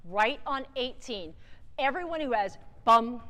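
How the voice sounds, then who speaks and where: A woman's voice: on the high side, lively intonation, unhurried, bright, forceful tone. A woman leading a school wind band rehearsal, singing rhythms on syllables and counting the players in. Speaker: band clinician. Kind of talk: rehearsal instruction. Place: theatre stage with a wind band. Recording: long theatre reverb with band playing.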